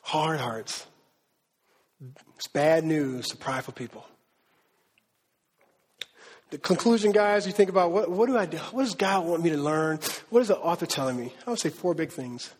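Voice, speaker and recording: High-voiced pastor in an echoing hall. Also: male voice, moderate pace, long pauses, husky. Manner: conversational, animated preaching with slang and acted quotes. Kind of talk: sermon. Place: church hall. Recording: long reverb of a large hall.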